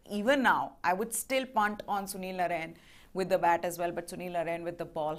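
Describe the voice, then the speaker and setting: A woman co-hosting a live fantasy cricket show in a studio, chatting in a lively, conversational way and leading the segment. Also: mid-range voice. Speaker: co-host.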